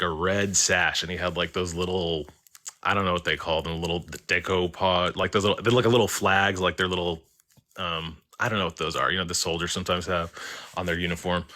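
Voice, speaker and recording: A man's voice: sits low, fairly even intonation, a little fast, bright, forceful tone. A young man calling in to a livestream, telling a ghost story in a rambling, casual way full of "like" and filler words. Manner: rambling, heavy use of "like" and fillers. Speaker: caller.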